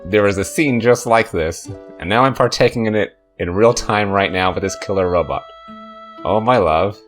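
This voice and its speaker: A man with a fairly low voice narrating his game playthrough in loose, joking asides. Sarcasm runs through his chatter, and soft game music plays underneath. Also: normal speed. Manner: jokey, sarcastic running commentary. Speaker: let's play host. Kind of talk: casual game commentary.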